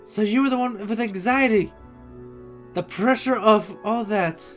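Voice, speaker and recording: A reaction video host giving casual commentary, excitable and quick to exclaim and gasp. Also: medium pitch. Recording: clear background music. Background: clear background music.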